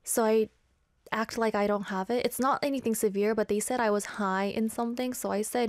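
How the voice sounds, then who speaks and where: A young woman in her twenties hosts a casual radio show, chatting in a playful, self-teasing way and sounding a little out of breath. Her voice sits somewhat high. The studio sound is dry and close. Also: steady tone, a little fast, darkish tone, no room sound. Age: 20s. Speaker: radio DJ and live stream host. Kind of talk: casual radio chat reading live comments. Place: small studio, in a Korean city.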